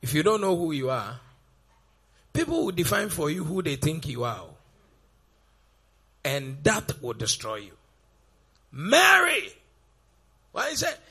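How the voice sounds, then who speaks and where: A man preaching a sermon, firing off rhetorical questions in a gravelly, raspy voice. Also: on the high side, big pitch swings, normal speed, long pauses, a bit bright.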